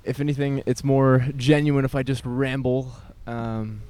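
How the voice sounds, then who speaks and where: A man's voice: medium pitch, fairly even intonation, a little slow, a little mellow, clean tone, no room sound. A young man vlogging alone outdoors in a city park, rambling hesitantly and self-consciously. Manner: hesitant and self-conscious, with nervous laughs and many fillers. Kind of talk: rambling solo vlog.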